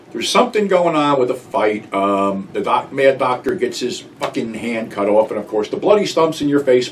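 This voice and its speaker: Brief: older New man, lively swearing storyteller, mic a bit distant, faint hiss. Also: medium pitch. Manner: profane, rambling, animated storytelling. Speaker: channel host recounting memories. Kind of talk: casual storytelling monologue.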